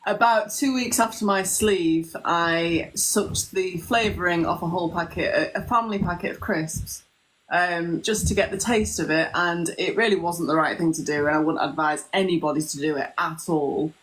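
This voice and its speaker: A young woman from the UK speaks with a slightly low pitch. She chats openly and casually as a guest, laughing easily. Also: normal speed, low-quality recording. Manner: friendly, laughs easily, frank. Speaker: guest, former patient. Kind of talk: casual chat.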